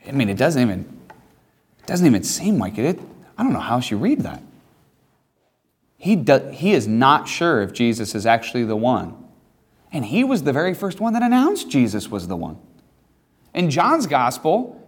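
A man's voice: huge pitch swings, moderate pace, pauses often, breathy edge. A man teaching a classroom Bible lesson, talking emphatically and reading scripture aloud in a raised voice. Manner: emphatic, reads scripture aloud with rising pitch.

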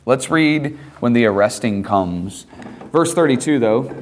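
A man preaching a sermon, retelling the gospel with animated asides and playful voices for the apostle. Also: unhurried. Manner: animated, voices Peter in a high excited tone with laughs.

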